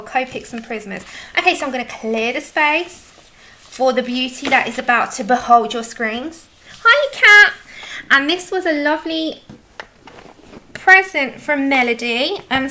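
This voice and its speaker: A chatty woman hosting a colouring livestream, with a high voice. She greets viewers by name and gushes over her art supplies, all in easy casual chat with a crisp, bright edge. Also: slight background noise. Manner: effusive. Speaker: livestream host.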